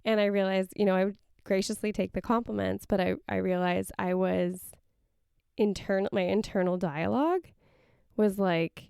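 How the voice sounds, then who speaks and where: A woman co-host speaking in a candid, reflective, conversational way. Her voice is smooth but carries a gravelly fry, and the sound is dry and close. She talks through a personal story at an easygoing kitchen-table pace. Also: medium pitch, fairly even intonation, normal speed, a little mellow, no room sound. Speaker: podcast co-host. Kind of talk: casual kitchen-table chat.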